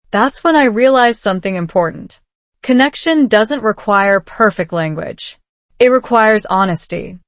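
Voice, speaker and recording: A woman giving calm, measured scripted narration of a story for English learners. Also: mid-range voice, dry recording.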